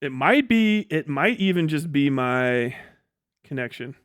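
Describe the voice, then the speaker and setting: Slightly high and animated, this young male livestream host keeps a measured pace and a smooth sound. He mocks and rants casually with lots of profanity and laughter, then moves on to reading donations aloud.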